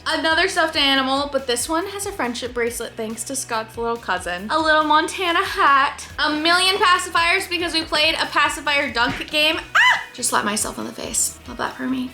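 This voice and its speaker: A bubbly young woman talks chattily at home in a high, bright-pitched voice. She is pregnant and getting over a cold, and she gushes as she goes. The room is echoey, and faint music plays underneath. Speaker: vlogger. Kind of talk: casual vlog chat.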